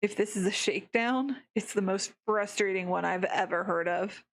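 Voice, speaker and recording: A woman's voice: medium pitch, normal speed, natural voice. A woman voicing an impatient young female traveler, speaking bluntly as she reads a visual novel aloud.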